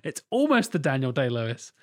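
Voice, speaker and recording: A man co-hosting a casual podcast chat, telling animated stories and swearing freely. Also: mid-range voice, brisk. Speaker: podcast co-host.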